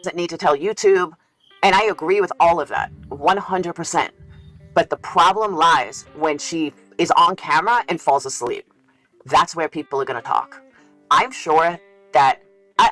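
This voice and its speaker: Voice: medium pitch, normal speed, a bit bright, faint music behind, poor audio. A speaker in a replayed livestream clip, earnestly commenting and explaining with examples. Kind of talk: casual commentary.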